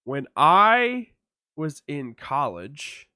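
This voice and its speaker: A man's voice: a little high, drawn-out words, clean tone, no room sound, studio quality. A man co-hosting a podcast, telling a story with lots of swearing and acted-out voices. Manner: animated storytelling, acts out voices, swears a lot. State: numb mouth after dental work. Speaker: podcast co-host. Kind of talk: casual chat.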